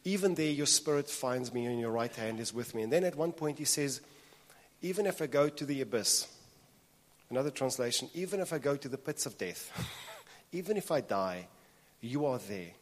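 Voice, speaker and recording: A man delivering a sermon in an earnest, steady voice of middle pitch. He repeats key phrases for emphasis. The long reverb of a church hall hangs after every line. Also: normal speed. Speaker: pastor.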